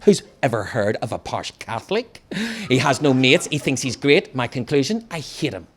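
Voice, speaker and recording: Northern Irish man, author reading his book, comic storytelling, lively pitch. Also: moderate pace, slight background noise. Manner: expressive, comic first-person storytelling. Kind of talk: reading his novel aloud.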